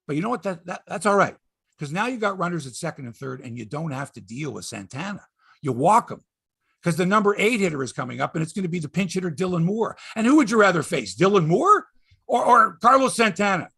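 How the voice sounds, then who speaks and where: Exasperated ranting man, gravelly and lively. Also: brisk. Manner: exasperated, emphatic, swings from loud outbursts to low mutters; swears for emphasis. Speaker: sports podcast host. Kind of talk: ranting sports commentary monologue.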